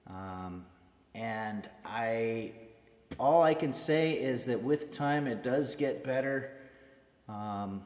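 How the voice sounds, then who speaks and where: A man hosting a cooking stream, chatting casually and hesitantly to viewers with many pauses and fillers. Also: mid-range voice, a little mellow, echoey room, big-room sound. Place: home kitchen streaming setup.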